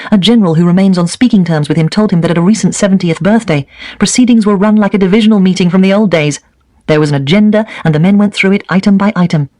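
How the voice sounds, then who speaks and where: A man reading a first-person memoir aloud at a steady, even pace. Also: high voice, no echo. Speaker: reader of a set text.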